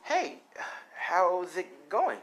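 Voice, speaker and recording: A bubbly, friendly teenage girl, voiced by a man, chirps in a high, eager voice. The voice sits a little above the usual male range, with steady background noise underneath. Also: extremely slow, heavily acted, poor audio.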